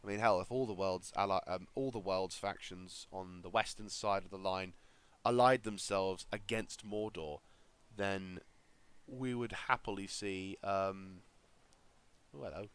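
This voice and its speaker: A man's voice: sits low, unhurried, a bit bright, clear, resonant tone. A man casually commentating a strategy game, thinking aloud with lots of fillers and restarts. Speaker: gaming video creator.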